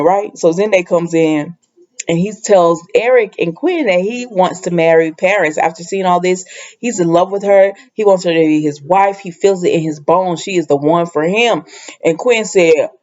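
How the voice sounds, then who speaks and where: A woman's voice: lowish voice, a little slow, darkish tone, highs cut off. A woman casually recapping a soap opera episode in a chatty, loose way, full of fillers and asides.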